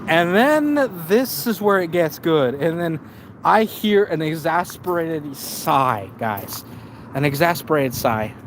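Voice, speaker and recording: A man's voice: a little high, animated, takes it slowly, a little hiss or hum. A man live streaming, telling a story to his chat in a rambling way full of restarts and repeats.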